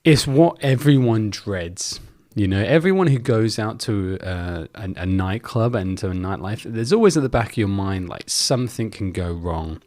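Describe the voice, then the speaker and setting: A man's voice: lowish voice, animated, normal speed, darkish tone, no echo. A man in his thirties, a Christian video host, giving earnest commentary to his viewers and reading aloud from scripture. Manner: earnest, persuasive. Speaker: Christian YouTuber.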